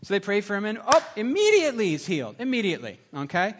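A middle-aged male pastor delivers a sermon in a slightly high voice. He tells stories with very lively, swooping pitch. He breaks into other people's voices as he acts them out. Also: fast talker, noisy background. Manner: animated storytelling, acts out voices with big pitch jumps.

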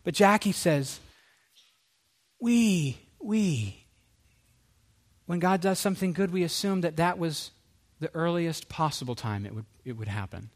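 A middle-aged man preaching a sermon, animated, asking rhetorical questions and acting out quoted voices. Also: fairly high pitch, brisk, hardly any pauses.

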